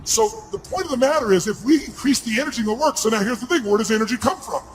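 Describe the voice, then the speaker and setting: A man giving a motivational seminar speech to a live audience, loud and commanding, often shouting and firing questions at the crowd. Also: very high-pitched, expressive, a little hiss or hum, poor audio. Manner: asks the audience rapid questions. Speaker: motivational speaker.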